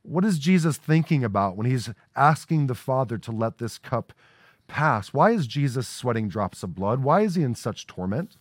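A man's voice: medium pitch, big pitch swings, normal speed, dry recording, clean studio sound. A man preaching a sermon as a pastor, talking in a casual way and often checking in with "right?". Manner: conversational preaching with frequent "right?" asides. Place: church sanctuary.

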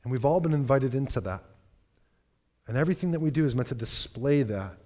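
A man's voice: mid-range voice, expressive, fairly quick, warm tone. A man preaching a sermon in a church, earnest and repeating phrases for emphasis. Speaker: pastor. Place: church hall.

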